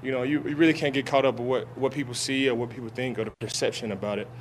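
A young adult football player answers reporters' questions at an outdoor training camp, halting and often restarting sentences with fillers. His medium-pitched voice is steady, with slight background noise.

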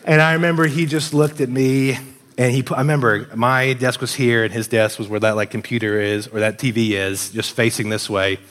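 A man's voice: medium pitch, brisk. A young man giving casual relationship advice, telling stories and acting out the voices of people he quotes. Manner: animated storyteller, acts out quoted voices. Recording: long hall reverb.

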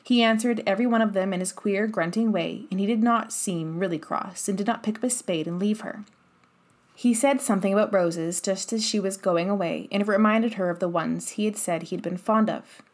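A woman narrating a classic children's novel in an even storytelling manner. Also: mid-range voice, fairly quick. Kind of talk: audiobook narration.

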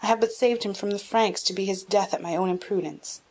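A woman's voice: mid-range voice, brisk, a little mellow, husky, low-quality recording. A woman reading a regretful knight guardian.

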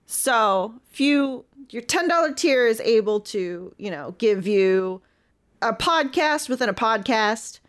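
Pushing her fairly high voice down, a woman plays a quirky sheep farmer in a fake pirate-style English accent for an improvised comedy bit. She sounds animated but slow. Her delivery is folksy and meandering, with sentences left unfinished.

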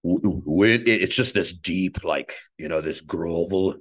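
A man's voice: low-pitched, a little slow, hardly any pauses. A man, a pastor, chatting casually and playfully. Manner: playful, lively, trying out accents. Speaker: pastor and guest. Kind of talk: casual chat.

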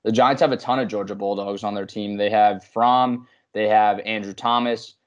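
Brief: low male co-host, relaxed sports chat, muffled lo-fi audio. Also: moderate pace. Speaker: podcast co-host. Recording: dull lo-fi audio.

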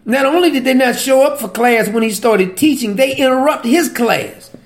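A man preaching with a high voice. His talk is conversational and teasing. He keeps asking his listeners questions and chuckles at his own points. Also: normal speed. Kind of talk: sermon.

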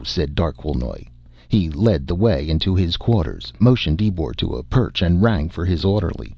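A man reading a science fiction story aloud in a measured, expressive way. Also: a bass voice, vocal fry, slightly rough, no room sound, highs cut off. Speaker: narrator.

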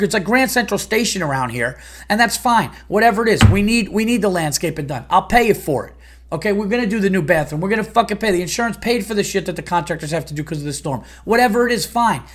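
A middle-aged comedian vents in a profane, exasperated rant. His voice sits a bit high for a man and jumps louder and higher when he gets worked up. It is a casual podcast monologue.

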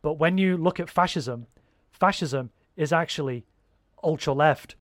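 Casual co-host, male, rambling and sweary, higher-pitched, dry close sound. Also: unhurried, no echo. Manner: rambling, swears freely, animated. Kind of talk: casual chat.

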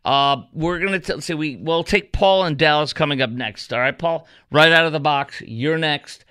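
This radio talk show host has a higher-pitched, smooth, sharp-toned voice and speaks at a moderate pace into a studio microphone with no echo. Hosting a call-in show, he talks emphatically and indignantly, using plenty of fillers.

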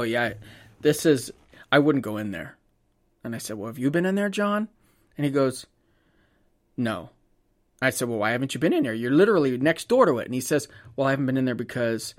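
Chatty man telling a funny story. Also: mid-range voice. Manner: chatty, laughs often, acts out dialogue. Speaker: photographer. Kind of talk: casual anecdotal storytelling.

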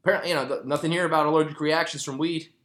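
A man's voice: a little high, steady tone, racing, fairly bright tone. A man in his thirties hosting a casual news commentary show, rambling and joking with plenty of profanity. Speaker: host.

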